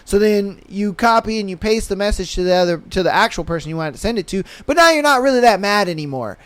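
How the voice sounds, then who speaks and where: A man's voice: high-pitched, expressive, fast, few pauses, clear, resonant tone, dry recording. A young man hosting a casual solo podcast, talking in a laid-back, slangy way and laughing often. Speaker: podcast host.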